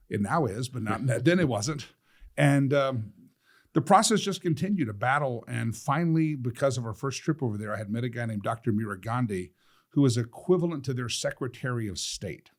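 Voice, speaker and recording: Man telling a lively personal story. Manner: lively, quotes others with changes of pitch and loudness, laughs often. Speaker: guest telling his story. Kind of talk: animated storytelling.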